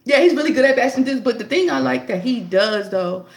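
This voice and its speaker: Chatty young woman with a gravelly edge. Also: brisk, echoey room. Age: young adult. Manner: chatty, animated storytelling, jumps high to act out her own quotes. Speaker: vlogger. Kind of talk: casual opinion monologue.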